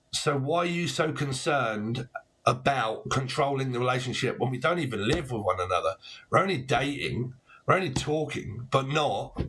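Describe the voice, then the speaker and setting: Swearing freely and tossing out puns, a man in his forties rambles through a casual tarot reading. He has a medium-pitched, husky voice that's a bit bright.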